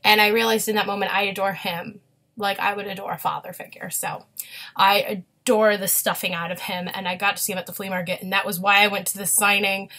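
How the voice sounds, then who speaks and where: Young woman vlogging, chatty and gushy, gets a bit emotional, medium pitch. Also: level tone, pushed and bright. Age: young adult. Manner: chatty, gushing, quick to get emotional. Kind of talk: casual chat.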